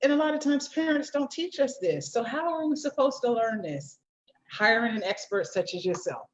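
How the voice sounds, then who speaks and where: A woman's voice: on the high side, expressive, moderate pace. A woman hosting a casual interview, enthusiastic and affirming, with lots of agreement. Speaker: host. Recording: dull lo-fi audio.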